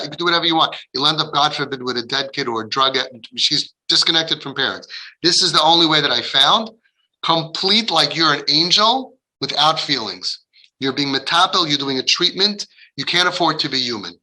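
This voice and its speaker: Bright-voiced man coaching parents passionately. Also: on the high side, brisk, rough recording. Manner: passionate, acts out dialogue, sprinkles Hebrew religious terms. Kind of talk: casual talk to parents.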